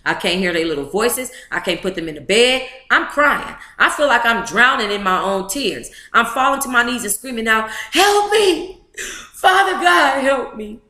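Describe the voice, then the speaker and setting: A woman's voice: medium pitch, expressive, moderate pace, hardly any pauses, bright, forceful tone, reverberant. A woman reading a memoir aloud to a live book club chat, emotive and blunt, with profane asides.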